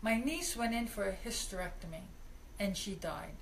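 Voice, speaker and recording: A woman co-hosting a live show, quietly reading out viewer names and questions in short prompts. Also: medium pitch, animated, normal speed, a little hiss or hum.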